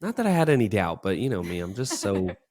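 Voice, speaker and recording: A man's voice: fairly low pitch, big pitch swings, fast talker, a little mellow. A man co-hosting a casual business podcast, talking in an enthusiastic, praising, rambling way. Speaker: podcast co-host. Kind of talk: casual chat.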